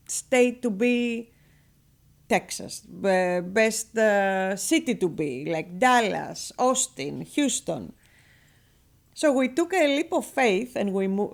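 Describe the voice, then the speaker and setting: A woman with a Greek accent, a guest on a radio interview, telling her business story in a lively, chatty way and laughing often. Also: fairly high pitch. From Greece. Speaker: guest, real estate broker.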